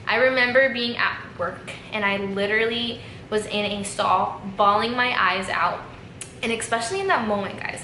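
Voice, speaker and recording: Earnest young woman vlogger, bright voice. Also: medium pitch. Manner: earnest, emotional, many fillers like "like" and "just". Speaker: YouTube vlogger. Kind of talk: casual talk to camera. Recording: echoey room, faint background noise.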